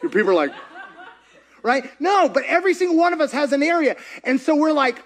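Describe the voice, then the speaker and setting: A man preaching a sermon, telling a story in an animated, chatty way and laughing often. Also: very high voice, fast talker. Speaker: pastor.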